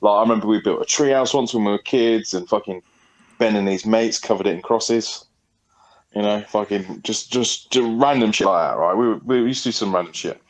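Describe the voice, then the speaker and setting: A podcast co-host with a lowish voice rambles through a story fairly quickly, swearing and laughing often in a casual way. The recording is rough.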